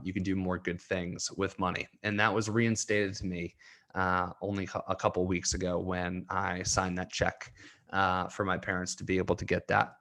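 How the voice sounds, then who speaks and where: His voice sits low with a slight brightness as this young adult, a coach and solo podcast host, talks earnestly. Emotion builds as he speaks, and now and then he laughs through tears.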